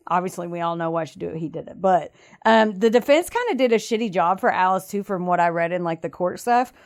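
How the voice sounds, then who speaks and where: A woman's voice: medium pitch, brisk. Chatty woman retelling a true-crime case. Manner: animated retelling, acts out quotes, frequent laughter. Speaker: podcast co-host. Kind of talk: casual true-crime storytelling.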